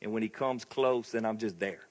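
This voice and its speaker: A male pastor preaches a sermon in a conversational, storytelling style, laughing often. His voice is fairly low and moves at a normal speed, and the long reverb of a large hall surrounds it.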